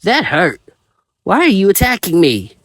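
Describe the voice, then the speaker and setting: Man voicing a chirpy little creature, pitched well up. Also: huge pitch swings, a little slow, no room sound, clean studio sound, full character voice. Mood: earnest. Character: small friendly talking blue creature, male.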